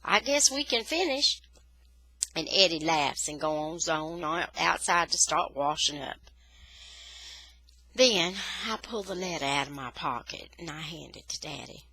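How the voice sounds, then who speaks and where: A woman reading a children's novel aloud in a lively, expressive storytelling style. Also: low voice, a little slow, slightly rough, dry recording, low-quality recording. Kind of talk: expressive read-aloud narration.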